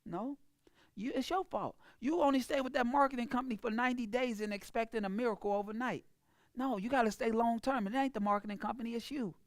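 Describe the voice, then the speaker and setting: A woman's voice: a little high, fast talker, no echo, studio quality. A woman business coach giving an emphatic, preachy motivational talk about sales, speaking. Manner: emphatic, preachy, acts out clients in a mocking voice.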